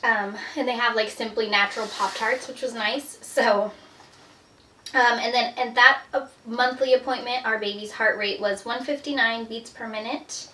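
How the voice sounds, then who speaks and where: A woman's voice: fairly high pitch, steady tone, normal speed, bright, forceful tone, slight background noise. A young adult woman giving a casual pregnancy update at home, chatty and full of fillers, a little out of breath. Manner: chatty, filler-heavy, lots of 'like' and 'um'. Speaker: vlogger. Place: indoors at home. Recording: roomy echo, mic at a distance.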